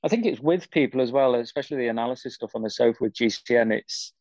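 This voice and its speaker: A man's voice: medium pitch, quick pace, darkish tone, no echo, muffled recording. A young man, talking easygoing and rambling as a guest in a casual interview. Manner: easygoing, rambling, frequent fillers. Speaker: cycling pundit guest.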